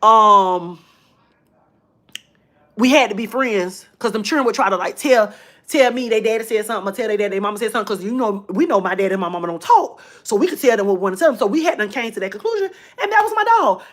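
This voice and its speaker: A woman's voice: mid-range voice, animated, quick pace, a bit bright. A woman, telling a personal story to her viewers in a chatty, emotional way. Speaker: vlogger.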